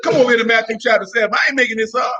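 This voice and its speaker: A man preaching a sermon in street slang, talking animatedly and breaking into shouts. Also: very high-pitched, steady tone, racing. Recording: dull lo-fi recording.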